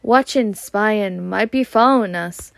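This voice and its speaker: Lady doing a gruff blustery uncle, slow and dry sounding. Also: mid-range voice, no room sound. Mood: blustering. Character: blustering angry middle-aged uncle.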